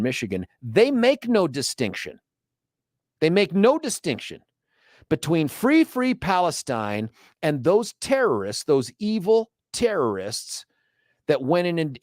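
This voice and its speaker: Male radio host, sarcastic opinion monologue, lively higher voice, dry studio mic. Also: no echo. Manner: sarcastic, mocks others with put-on quotes. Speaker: radio talk show host.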